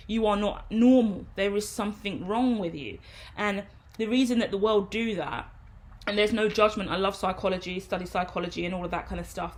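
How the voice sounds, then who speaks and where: A woman speaks in a loose, rambling vlog monologue. Her voice sits at an ordinary mid pitch, and she talks frankly, with the easy flow of someone thinking aloud. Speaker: tarot reader and medium.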